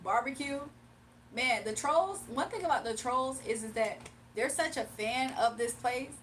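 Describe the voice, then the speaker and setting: A young woman talks to her livestream chat in a casual, animated way, breaking into laughter often. Her voice sits high, and a faint hum of noise runs under the phone or webcam recording. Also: measured pace. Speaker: livestream host.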